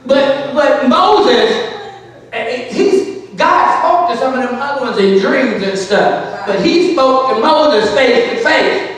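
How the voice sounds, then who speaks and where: A pastor preaches with emphatic force and keeps drawing responses from his congregation. His voice sits high for a man. He is heard from some distance in a big, echoing church hall with a long reverb tail. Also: animated, slow, a bit bright. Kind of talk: sermon. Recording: echoey church hall from far off.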